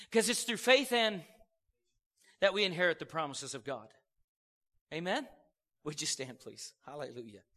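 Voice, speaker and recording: A man delivers an energetic sermon to his congregation, teasing and acting out the voices of people he quotes. His voice sits high and rings bright. The sound carries the long reverb of a church hall. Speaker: preacher.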